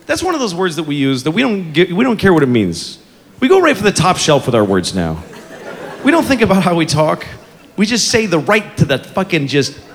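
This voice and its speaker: A man's voice: high-pitched, wildly swooping pitch, brisk. A male stand-up comedian in a ranting, incredulous, profane routine, recorded live on a comedy stage. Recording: live hall with crowd noise.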